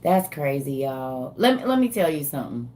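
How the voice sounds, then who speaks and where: A woman's voice: rumbling low, sing-song, normal speed, mellow. An older woman hosting a casual livestream, talking animatedly straight to her viewers. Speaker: livestream host.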